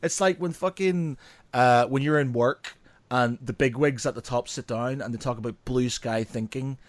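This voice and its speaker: Brief: male podcast co-host, animated and profane, medium pitch, dry sound. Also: normal speed, no room sound. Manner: swearing, laughing, animated ranting. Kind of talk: casual chat.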